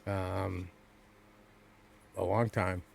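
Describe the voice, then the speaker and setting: A man's voice: deep voice, level tone, drawn-out words, creaky, darkish tone. A man co-hosting a podcast in casual chat, rambling with frequent stammered restarts and swearing. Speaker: podcast co-host.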